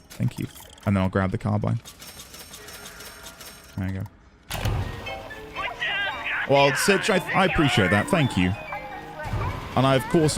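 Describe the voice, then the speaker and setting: Playing a video game on stream, a man with a gravelly mid-range voice chats with his viewers in a relaxed, reflective way and thanks them.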